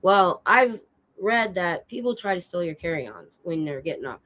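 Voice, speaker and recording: A sick, hoarse woman chatting casually on her stream, telling an animated story and acting out quoted lines with a bit of swearing. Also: fairly low pitch, moderate pace, low-quality recording. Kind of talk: casual chat. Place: home streaming setup.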